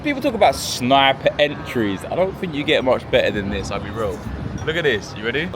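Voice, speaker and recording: A man from the UK, a gold trader and trading mentor, talking casually to camera in an excitable, slangy way and swearing freely. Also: on the low side, brisk. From United Kingdom. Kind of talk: casual vlog talk to camera. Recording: noisy background.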